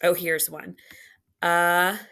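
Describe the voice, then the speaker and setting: A woman's voice: lowish voice, level tone, vocal fry, pushed and bright. A woman teaching a phonics lesson, patiently sounding out and drawing out words and syllables. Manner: slow, patient, drawn-out enunciation of sounds.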